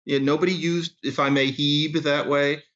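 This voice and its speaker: A man who is an author and linguist, explaining things in an animated, storytelling way as a podcast guest. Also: a little high, normal speed, highs cut off. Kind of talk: explanatory interview talk.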